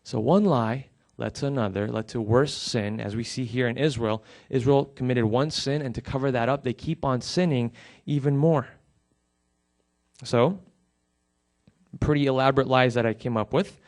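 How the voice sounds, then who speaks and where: A man's voice: medium pitch, normal speed. A middle-aged male pastor preaching a sermon, telling a personal story and pleading earnestly with his listeners.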